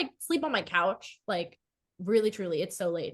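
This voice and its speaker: A woman's voice: mid-range voice, a little fast. A woman co-hosting a podcast, telling dating stories in casual chat, laughing often and using lots of fillers. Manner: laughs often, animated storytelling with many fillers. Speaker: podcast co-host.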